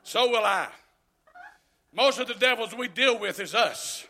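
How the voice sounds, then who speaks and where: A man preaching a sermon, folksy and joking, dropping to quiet asides and then shouting exhortations. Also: very high voice, measured pace, vocal fry.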